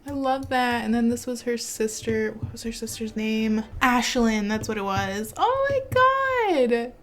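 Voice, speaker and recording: A woman hosts her own gaming channel, chatting casually over gameplay in an excitable way and laughing often. Her voice is on the high side, at a moderate pace.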